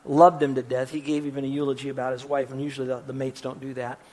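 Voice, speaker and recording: A man preaching a sermon as pastor, emphatic and animated, his voice climbing when he quotes scripture and dropping into wry asides to the congregation. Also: mid-range voice, quick pace. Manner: emphatic and animated, voice rising on quotations.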